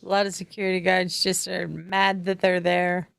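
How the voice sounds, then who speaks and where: A woman's voice: lowish voice, little pitch movement, normal speed, vocal fry, a bit bright, clean tone, dry recording, clean studio sound. A woman co-hosting a live watchalong, giving short replies and brief opinions in casual chat. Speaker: co-host.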